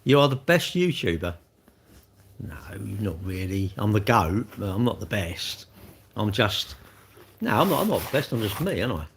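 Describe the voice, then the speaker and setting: A man's voice: fairly low pitch, very animated, normal speed, a little hiss or hum. A man, chatting cheekily and rambling to his livestream viewers while eating cake with his mouth full.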